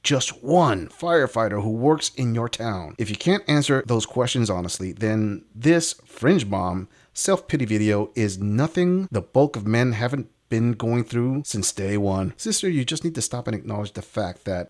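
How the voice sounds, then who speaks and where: A man's voice: mid-range voice, expressive, moderate pace, few pauses, a little mellow. Sarcastic man hosting a commentary. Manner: scornful, sarcastic. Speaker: commentary host.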